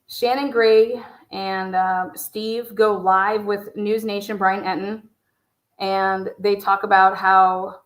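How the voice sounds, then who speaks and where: A woman giving casual livestream commentary as a true crime YouTuber. She talks in a blunt, profane, rambling way, full of asides. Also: medium pitch. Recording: roomy echo.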